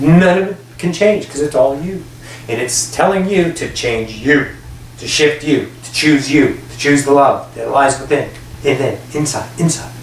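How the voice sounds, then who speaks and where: A man giving a channeled spiritual message, speaking as a collective "we", emphatic and repetitive, casual and blunt with some swearing. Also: on the high side. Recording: roomy echo, distant from the mic, faint noise.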